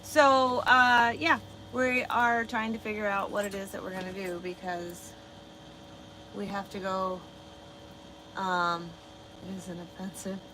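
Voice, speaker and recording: A woman's voice: medium pitch, steady tone, takes it slowly, long pauses, background noise. A woman truck driver on a casual livestream, answering her chat bluntly and swearing freely. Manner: blunt, swears a lot, talks back to chat.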